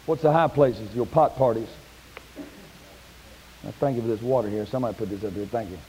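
A man preaching a sermon in a church, folksy and plain-spoken, climbing to high shouted peaks. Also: fairly quick, slight background noise, poor audio. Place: church sanctuary.

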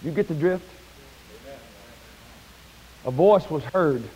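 A man preaching a sermon in a church, folksy and plain-spoken, climbing to high shouted peaks. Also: lively intonation, takes it slowly, muffled recording, slight background noise. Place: church sanctuary.

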